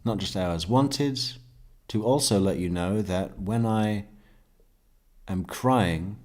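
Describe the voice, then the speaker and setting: A man's voice: lowish voice, a little mellow. A man commenting on a courtroom testimony, reading passages aloud with a sardonic tone and frequent laughs. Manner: sardonic, laughs often, slow deliberate reading. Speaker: true crime commentator.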